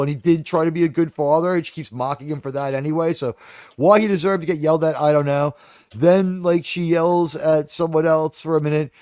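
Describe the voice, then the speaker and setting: A man's voice: on the high side, a little mellow, dry recording, clean studio sound. A man giving a casual, rambling film review, profane and full of fillers. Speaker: movie reviewer.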